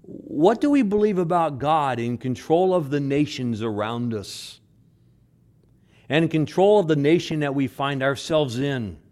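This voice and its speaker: A man preaching a sermon, repeating phrases for emphasis and swinging between loud stresses and hushed words. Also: on the high side, animated, unhurried. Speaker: pastor.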